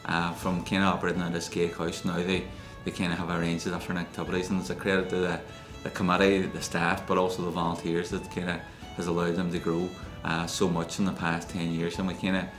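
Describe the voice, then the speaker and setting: A man speaks slowly and with measured care in an interview. His voice is low and very flat, and the room gives it a noticeable echo. Guitar music plays clearly behind him. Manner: measured, hesitant with fillers. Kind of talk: interview talk.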